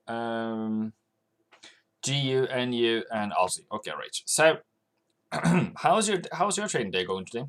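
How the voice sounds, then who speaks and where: This Norwegian forex trading streamer speaks slowly, with a medium-pitched voice and lively intonation. He rambles loosely to his chat while going over charts and commenting on the market.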